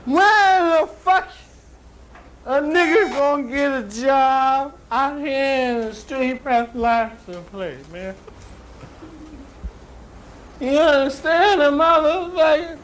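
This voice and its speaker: A man voicing a desperate, strung-out male junkie in a stand-up bit, whining, cracking into sobs and shouts, drawling his profanity. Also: very high voice, slight background noise, heavily acted, low-quality recording. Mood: self-pitying.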